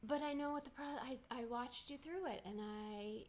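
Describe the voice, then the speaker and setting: A soft-spoken woman talks at home, the author's wife, with a heartfelt, tearful manner. She chats casually, then reads a chapter aloud in a gentle voice. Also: high-pitched, a little fast, a little hiss or hum. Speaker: author's wife, guest reader.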